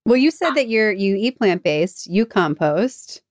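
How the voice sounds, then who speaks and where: A woman hosting an interview podcast. She asks short, relaxed questions between the guest's answers. Her pitch is mid-range for a woman. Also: a little slow. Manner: brief backchannel, relaxed questions. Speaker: podcast host.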